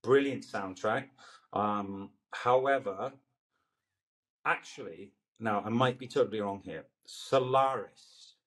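A man's voice: fairly low pitch, takes it slowly, fairly bright tone. Rambling Scottish man in casual chat. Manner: rambling, searching for words, swearing lightly. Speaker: actor guest.

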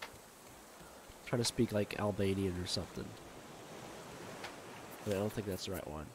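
Slow-talking man narrating his gameplay. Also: sits low, noisy background. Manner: rambling, thinks aloud with fillers. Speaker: gamer. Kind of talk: let's play game commentary.

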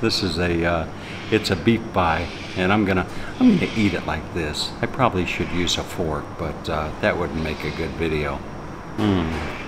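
Man, lowish voice, chatty, travel vlog, café, faint background noise. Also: normal speed. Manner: chatty, enthusiastic, rambling with restarts. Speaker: travel vlogger. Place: roadside café and shop.

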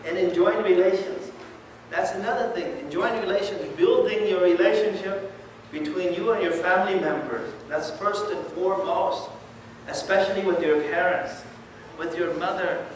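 A man giving a conversational religious talk, often asking his listeners questions. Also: high voice. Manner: conversational, animated, asks the audience questions. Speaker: Islamic lecturer. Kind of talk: sermon. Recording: echoey hall from far off, noisy.

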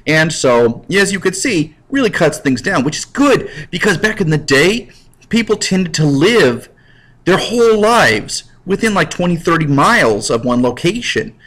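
A man's voice: on the high side, a bit bright, poor audio. A man teaching a history lecture in a casual, jokey way, acting out little scenes. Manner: jokey, acts out scenes in voices. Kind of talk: recorded classroom lecture.

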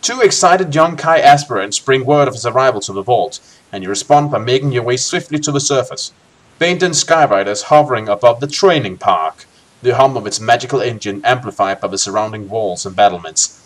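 Hosting a co-op game session, a let's play host with a mid-range, expressive voice reads a gamebook aloud at a brisk clip, tossing in joking asides along the way.

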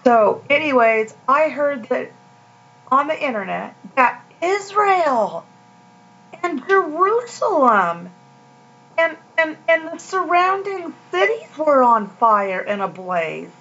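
A woman's voice: sits high, sing-song, a bit bright. A woman giving a casual, earnest devotional talk, telling stories in a rambling, heartfelt way. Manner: slow, earnest, rambling storytelling. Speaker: Christian video host. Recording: dull lo-fi home recording.

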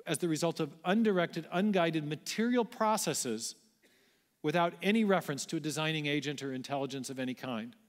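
A man giving a public lecture to a large audience in a church auditorium, explaining in a conversational way with the odd light aside. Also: on the high side. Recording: echoey hall.

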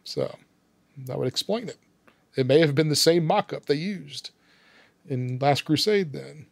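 A man talks through a film's plot step by step, chuckling as he goes. His voice sits fairly high. The sound is dry and close. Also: animated, a little slow, gravelly, dry recording. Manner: walks through the plot step by step, laughing often. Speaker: podcast host recapping a film. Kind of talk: casual film discussion.

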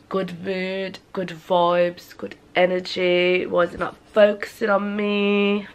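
A woman's voice: mid-range voice, steady tone, measured pace. A young woman, chatting casually to camera at home, rambling and playful with asides to her viewers. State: out of breath. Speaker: vlogger. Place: home, indoors.

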